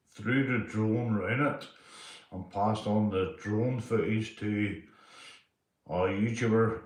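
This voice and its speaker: A man's voice: fairly low pitch, echoey room. A man chatting loosely on a live stream, reading out viewers' names and swearing a lot. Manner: sweary, loose, keeps saying mate. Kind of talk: casual live-stream chat.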